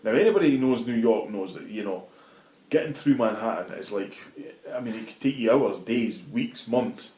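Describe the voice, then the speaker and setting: A middle-aged Scottish man, a guest in an interview, telling animated anecdotes in casual talk and swearing freely. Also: fairly low pitch, moderate pace. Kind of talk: casual storytelling. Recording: roomy echo.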